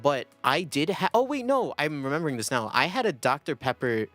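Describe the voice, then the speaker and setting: A man's voice: a little high, sing-song, a little fast, a bit bright. Rambling young man streaming with music. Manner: rambling, self-deprecating, often laughs. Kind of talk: casual livestream chat.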